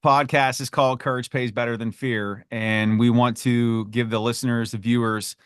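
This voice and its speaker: A man's voice: medium pitch, little pitch movement, moderate pace, clear, resonant tone, no echo, clean studio sound. A man hosting a podcast interview, earnest and grateful, often repeating words as he asks questions. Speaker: podcast host.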